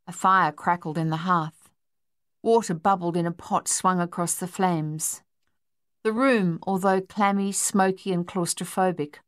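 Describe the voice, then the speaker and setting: A woman narrating a novel in a measured storytelling manner, close to the microphone. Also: on the low side, no room sound. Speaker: audiobook narrator. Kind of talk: scripted narration.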